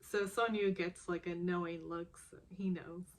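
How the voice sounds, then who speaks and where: A woman's voice: on the low side, fairly even intonation, normal speed. A woman recapping a drama episode in a casual, chatty way, laughing often as she talks.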